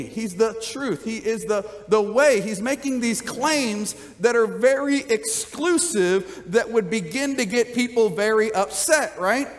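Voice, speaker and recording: A man's voice: sits high, normal speed, hardly any pauses, long reverb tail. A man pastor preaching a sermon in a conversational style, often checking in with the congregation with "right?" and light jokes. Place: church sanctuary.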